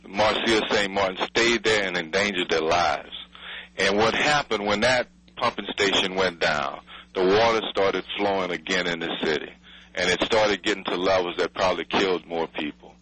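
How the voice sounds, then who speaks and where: Furious husky man. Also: on the low side, pushed and bright, poor audio. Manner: furious, blunt, swearing, pleading. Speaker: city official interviewed by radio. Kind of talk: angry radio interview. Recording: radio broadcast audio.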